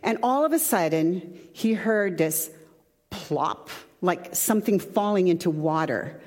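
A woman's voice: on the low side, lively intonation, measured pace, a little mellow. Woman pastor, conversational sermon, echoey church hall. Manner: conversational, chatty, with asides.

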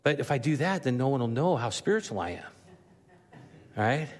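A man's voice: medium pitch, big pitch swings, moderate pace, in a large hall. A man preaching a sermon as the pastor, earnest and rising to emphatic exhortation. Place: church sanctuary.

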